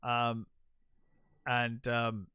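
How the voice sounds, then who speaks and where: Male podcast co-host, mid-pitched, casual scene-by-scene recap, dry close mic. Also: monotone, extremely slow, sharp tone, smooth, no room sound. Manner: retells scenes, quoting characters in passing. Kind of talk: casual film discussion.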